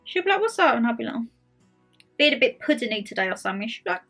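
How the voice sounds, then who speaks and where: A woman's voice: a little high, very animated, rapid-fire, a bit bright, soft background music. A young woman chatting casually to camera, bubbly and talkative, full of quoted asides. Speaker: vlogger host. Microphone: tablet camera.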